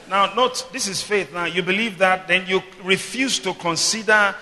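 A man preaching in a high, piercing, brilliant voice. He swings between booming declarations and calm teaching, calling the congregation to answer back. The sound rings with the long reverb of a church hall. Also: normal speed, a little hiss or hum. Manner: preaching with call-and-response, swinging from loud declarations to quiet explanation. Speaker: pastor. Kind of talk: sermon.

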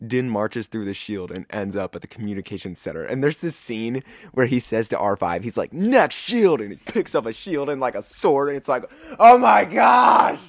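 A man with a fairly low voice hosts a podcast and recaps an episode in a loose, excitable way. He peppers his talk with slang like "dude". The sound is dry and close, with no room echo. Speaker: podcast host.

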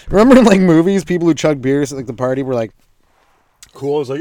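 A man's voice: a little high, animated, fast, dark tone, no room sound. A man hosting a solo comedy podcast, riffing loosely on his own jokes, swearing, laughing at himself and slipping into silly voices. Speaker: stand-up comedian and podcast host. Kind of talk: rambling solo comedy riff.

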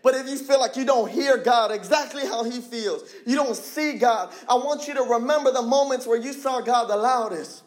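A young male preacher in his twenties delivering a fervent sermon. His voice sits unusually high, and he keeps circling back to the same phrases. On his strongest points he drops to a low, hushed tone. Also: moderate pace, hardly any pauses. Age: 20s. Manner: passionate, repetitive, drops low for emphasis.

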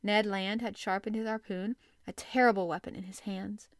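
A woman's voice: medium pitch, fairly even intonation, moderate pace, no echo, clean studio sound. A woman narrating an audiobook.

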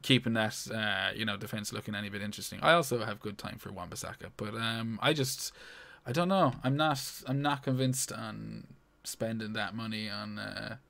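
A man's voice: lowish voice, moderate pace, creaky, a bit bright. A man co-hosting a casual podcast chat, talking loosely with plenty of fillers and swearing. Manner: loose and sweary, full of fillers like "you know" and "um". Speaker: podcast co-host. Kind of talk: casual fantasy football chat.

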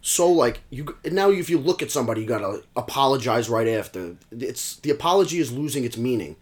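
A man's voice: medium pitch, lively intonation, a little fast. Opinionated man in casual chat. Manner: opinionated, ranting.

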